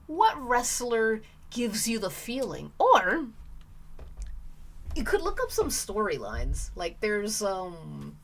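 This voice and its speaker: A young woman talks casually to her live-stream audience, rambling through her thoughts with plenty of fillers. She speaks slowly, but her pitch is very animated. Excitement makes her squeal. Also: vocal fry. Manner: rambling and chatty, lots of "like" and "um".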